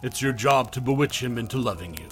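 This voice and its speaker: A man's voice: mid-range voice, lively intonation, fast talker, faint music behind, natural voice. A man doing a smarmy, patronizing creature. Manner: smarmy, patronizing, falsely optimistic. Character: smarmy male creature posing as a businessman.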